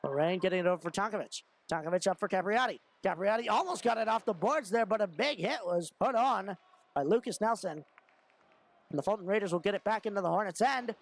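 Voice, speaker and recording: A young man giving fast running play-by-play of a hockey game, shouting when shots and goals come. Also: high-pitched, expressive. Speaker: play-by-play commentator. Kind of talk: amateur hockey play-by-play commentary.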